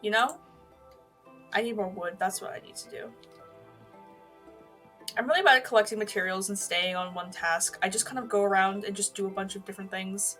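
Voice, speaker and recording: A woman's voice: mid-range voice, brisk, pauses often, fairly bright tone, faint music behind. A woman streaming a video game, chatting casually, rambling from topic to topic, swearing freely and answering her chat. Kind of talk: casual gaming livestream chat.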